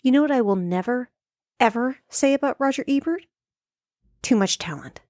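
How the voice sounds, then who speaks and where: A woman's voice: fairly high pitch, moderate pace, no echo. A woman co-hosting a comedy podcast, chatting in a profane, sarcastic, joking way. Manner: profane, sarcastic, playful, deadpan jokes. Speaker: podcast co-host. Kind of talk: casual comedic chat.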